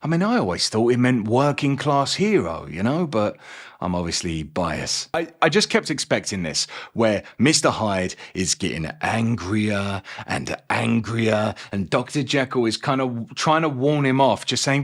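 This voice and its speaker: A man with a softened Cockney accent talks through a book in a chatty, joking way. His pitch swings a lot as he goes, and he drops quick asides between points. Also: expressive. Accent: mild Cockney. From England. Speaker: book reviewer. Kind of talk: casual video review.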